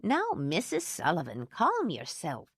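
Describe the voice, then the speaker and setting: A woman reading an audiobook, voicing a calm, clucking older cook who speaks slowly and soothingly. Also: sits low, vocal fry, slightly rough, no room sound, studio quality, exaggerated voice. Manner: slow and soothing.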